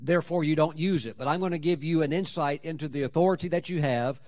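Male preacher, slightly high pitch, emphatic sermon delivery that stretches key words. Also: fast, a little mellow.

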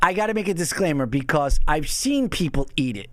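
A man hosting a casual podcast chat, excitable, laughing often and repeating himself. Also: fairly high pitch, brisk, no echo. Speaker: podcast host.

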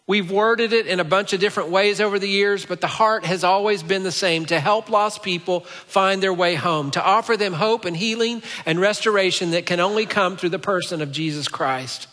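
Bright-voiced man preaching in a reverberant church. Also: sits high, normal speed, hardly any pauses. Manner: storytelling, dropping to hushed tones at emotional moments. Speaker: pastor. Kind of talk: sermon. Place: church sanctuary. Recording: church hall with long reverb.

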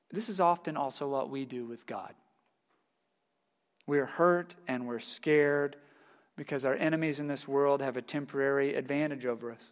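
A male pastor preaching a sermon, telling stories in a lively, animated way and laughing along with them. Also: mid-range voice, in a large hall. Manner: storytelling, laughs heartily while telling anecdotes.

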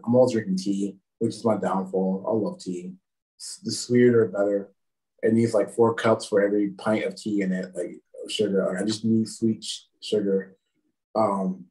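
A man's voice: on the low side, warm tone, distant mic, poor audio. A man from the Southern United States with a Southern American accent, a wrestler guest on a podcast, telling slangy stories and laughing often. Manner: laughing, slangy, quick anecdotes. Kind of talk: casual podcast storytelling.

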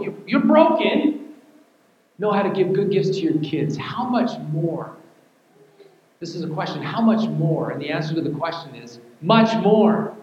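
In a church, a pastor with a high, slightly mellow voice preaches a sermon, repeating key words and building to fervent emphasis that is almost sung. The hall is echoey and the sound dull.

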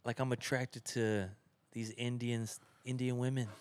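A man's voice: medium pitch, level tone, unhurried. A man co-hosting a podcast in casual chat, playful and teasing. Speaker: podcast co-host.

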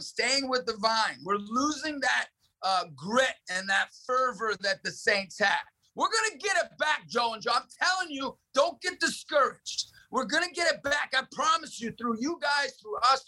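A man's voice: very high-pitched, bright, forceful tone, low-quality recording. A man, a ministry director and guest, talking with fervent, preacher-like emphasis in punchy, repeated phrases. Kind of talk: fervent preaching-style talk.

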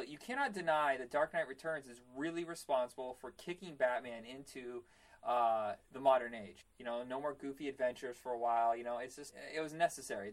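A man co-hosting a podcast, talking in a relaxed way with fillers and easy laughs. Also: mid-range voice, rough recording. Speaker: podcast co-host. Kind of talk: casual chat.

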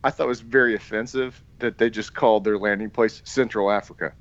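A man's voice: on the low side, fairly even intonation, a little fast, muffled recording. A man co-hosting a podcast in casual chat about a movie, sarcastic and contrarian, joking as he goes. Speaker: podcast co-host.

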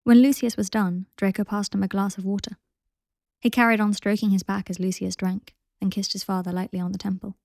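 A woman reads a story aloud in a calm, steady voice with a gravelly texture. The sound is dry and close, with no room around it. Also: mid-range voice, brisk, no echo. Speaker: narrator. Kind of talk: audiobook reading of fan fiction.

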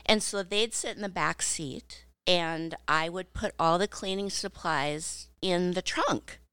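Smooth-voiced woman, relaxed chat. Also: fairly low pitch, slow, no room sound. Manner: relaxed, laughs easily. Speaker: podcast co-host. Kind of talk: casual chat.

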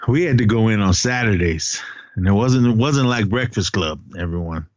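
A man's voice: on the low side, normal speed, no room sound. Podcast guy, rambly, keeps laughing, dull dry mic sound. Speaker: podcast co-host. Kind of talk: casual movie chat.

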